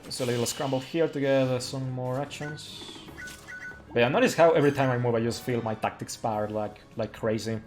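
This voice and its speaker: A man in the middle of his own pitch range talks through a speedrun as he plays. He rambles casually with plenty of fillers and small laughs. Faint game music sits low under his voice. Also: steady tone, fairly quick, darkish tone. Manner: chatty, laughs often, many fillers. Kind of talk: casual live game commentary.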